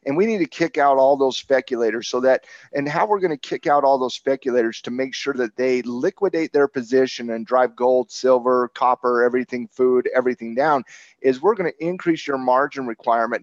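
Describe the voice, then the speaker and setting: A man hosting a trading show, talking casually with his co-host, animated, sarcastic and joking. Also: mid-range voice, moderate pace, dry recording, lo-fi sound. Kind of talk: casual market talk with a co-host.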